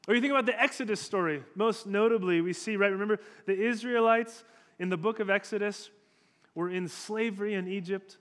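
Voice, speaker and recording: Pastor guy preaching, chatty but emphatic, fairly high voice, long hall echo. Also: a bit bright. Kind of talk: sermon.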